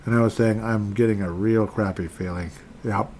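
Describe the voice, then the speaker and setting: A man's voice: fairly low pitch, steady tone, moderate pace, darkish tone, slight background noise. A man hosting a solo sports podcast, rambling and grumbling as he reads out listener tweets. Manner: rambling, self-deprecating, grumbling. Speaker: podcast host. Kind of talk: solo podcast chat reading fan tweets.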